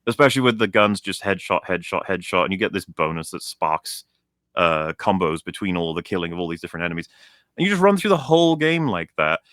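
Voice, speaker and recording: A man's voice: low-pitched, very animated, fairly quick, a bit bright, no room sound, studio quality. A young man ranting in a casual show chat, heated and profane, often restarting his sentences. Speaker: co-host.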